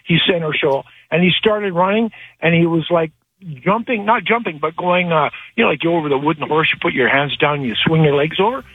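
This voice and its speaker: A man calling in to a radio show, telling a story in a rambling, animated way with many restarts, heard over a phone line. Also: fairly high pitch, a little fast, slightly rough, no echo. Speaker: caller. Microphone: telephone.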